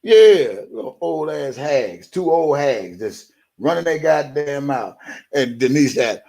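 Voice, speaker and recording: Gravelly-voiced man ranting on a live stream. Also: mid-range voice, big pitch swings, slow pace, dark tone. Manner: blunt, swearing heavily; addresses viewers directly. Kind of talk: profane live-stream rant.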